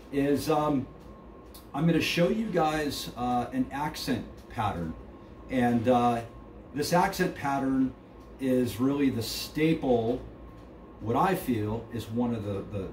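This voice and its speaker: This middle-aged man has a slightly mellow, mid-range voice and is giving a casual drum lesson in a studio. He rambles loosely with many fillers and counts beats aloud, and a distant mic captures him in an echoey, noisy room.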